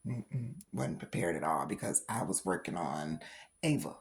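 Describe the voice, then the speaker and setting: A middle-aged woman with a very deep, gravelly voice tells a personal story for her doll-collecting vlog. She speaks in a casual, animated way and laughs often. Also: moderate pace. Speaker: reborn doll vlogger.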